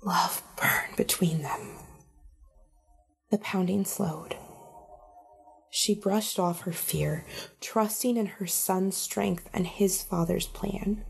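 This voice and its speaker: A woman narrating a story in a hushed, breathy manner, often sinking close to a whisper. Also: medium pitch.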